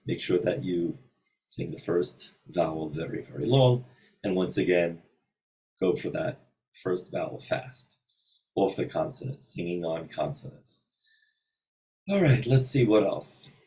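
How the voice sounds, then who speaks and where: A man giving an informal singing lesson in a hotel room, thinking aloud with many pauses and breaking into short sung examples. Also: sits low, expressive, warm tone, far from the mic, rough recording. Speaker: voice teacher.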